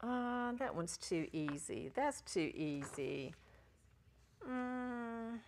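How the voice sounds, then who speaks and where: A woman lecturing a classroom full of students. She talks at an unhurried pace in a fairly high voice. She stays chatty and encouraging and jokes with the class. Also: lively intonation, a little mellow, slight background noise. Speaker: Greek teacher at a ministry school.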